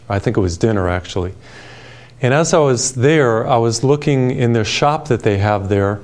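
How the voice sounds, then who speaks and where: A man preaching a televised sermon in a calm, gentle, soothing way, telling personal stories. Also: mid-range voice. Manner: storytelling with personal anecdotes.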